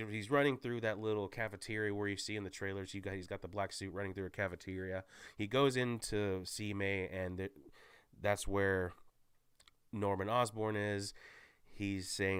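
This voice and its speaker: A man's voice: fairly low pitch, a bit bright, clear, resonant tone, no room sound. A man giving a casual, rambling movie spoiler recap, often stopping to correct himself. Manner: rambling, self-correcting, many restarts. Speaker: movie reviewer.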